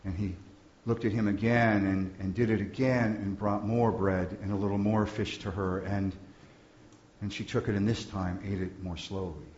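A male pastor tells a story in a sermon, slow and soft-spoken, often dropping to a hush. His voice rings in an echoey room, and the recording is a little dull with faint background hiss. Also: lowish voice, steady tone.

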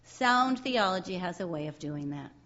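A woman voicing an earnest, bookish young cartoon boy who explains things calmly, reading from a comic strip. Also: on the low side, normal speed, dull audio. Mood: explaining.

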